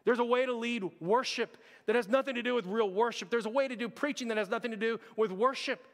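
A man's voice: extremely high pitch, fast talker, a bit bright, big-room sound. A pastor preaching an earnest, conversational sermon to his church, often addressing the congregation directly.

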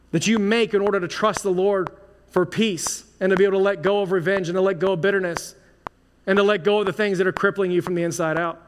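A man preaching a sermon as pastor, in a casual, conversational way full of "like" and restarts. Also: high voice. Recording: long hall reverb, faint noise.

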